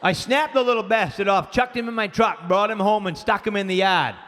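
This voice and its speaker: A man's voice: high voice, brisk. A man from Maine with a Maine accent doing a crude stand-up routine, telling stories and acting out people's voices. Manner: loud, crude storytelling with acted-out voices. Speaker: stand-up comedian. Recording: live club recording with long reverb and faint ambience.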